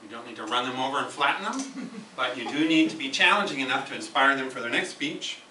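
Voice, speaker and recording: Man at the lectern, emphatic teacher type, bright voice, taped from the back of an echoey room. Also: mid-range voice, animated, fast, a little hiss or hum. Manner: emphatic, instructive, repeats key phrases. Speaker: speaker at a speaking club meeting. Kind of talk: prepared educational speech. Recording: echoey room, camera from far off.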